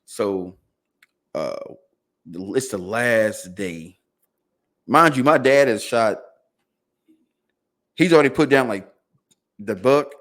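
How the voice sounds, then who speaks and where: Here a man of medium pitch speaks slowly, pausing often, as a podcast guest recounting a long tale. His speech is loose and informal, and he animatedly performs quotes from his family.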